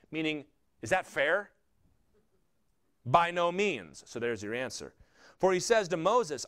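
A male pastor with a Southern US accent delivering a sermon, rising loud for emphasis and dropping low for quoted lines. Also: lively intonation, normal speed, long pauses, clean tone.

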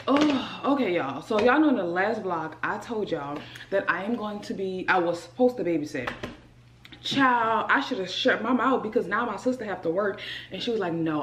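A young female vlogger with a Southern US accent from around New Orleans chats animatedly to her viewers at home, calling them "y'all" and "child." Her medium-pitched voice moves at a moderate pace in a reverberant room with slight hiss or hum.

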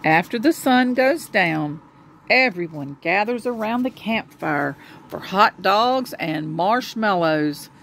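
A woman reading a children's storybook aloud to a child, gentle and expressive. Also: mid-range voice, slow pace, creaky, slight background noise.

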